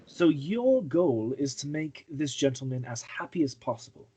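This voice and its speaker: A man's voice: on the high side, sing-song, normal speed, mellow, husky. A man playing a tabletop game, patiently coaxing another character as if talking to a child. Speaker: player. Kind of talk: casual tabletop game chat and in-character talk.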